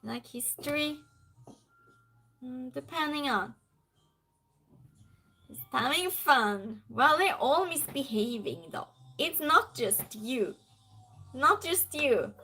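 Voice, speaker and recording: A woman's voice: high voice, lively intonation, slow, long pauses, sharp tone. A woman hosting a trivia live stream in a casual chat style, reading viewer comments aloud and greeting viewers by name. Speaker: trivia night stream host.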